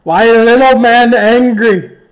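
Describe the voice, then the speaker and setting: A man's voice: very high voice, unhurried, pitched above the performer's own voice, low-quality recording. A man voicing a huge, dim-witted feral warrior who talks in broken, simple phrases about himself. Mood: taunting. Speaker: player. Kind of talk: tabletop role-play.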